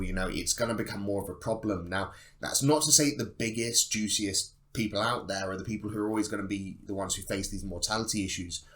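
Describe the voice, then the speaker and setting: A man's voice: lowish voice, a bit bright. A young man talking to the camera in an opinionated monologue, emphatic and sarcastic, with free swearing. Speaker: bodybuilding channel host.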